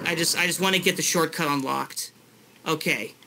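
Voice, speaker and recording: A man's voice: a little high, normal speed, gravelly, sharp tone, slight background noise. A young adult man coaching his father through a video game with short, patient instructions. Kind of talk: casual gaming coaching.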